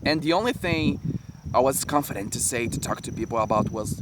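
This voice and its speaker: Brazilian-accented man, native Portuguese speaker, casual friendly vlogger talking to camera outdoors, mid-range voice, crickets and insect noise clearly in the background. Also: mid-range voice, brisk. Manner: chatty, friendly, talks in restarts. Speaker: travel vlogger. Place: outdoors in nature. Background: crickets and insects, passing vehicles.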